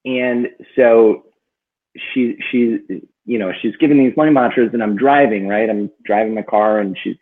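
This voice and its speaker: Husky man telling a story over a tinny line. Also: mid-range voice, normal speed. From northern Minnesota. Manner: rambling, many fillers, lively when quoting himself. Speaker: book club co-host. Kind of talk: casual storytelling chat. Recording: tinny phone-like audio.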